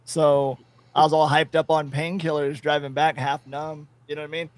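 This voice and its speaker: A man's voice: fairly high pitch, flat delivery, moderate pace, no echo. A man co-hosting a podcast in casual chat, blunt and joking, swearing freely as he tells his story. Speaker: podcast co-host.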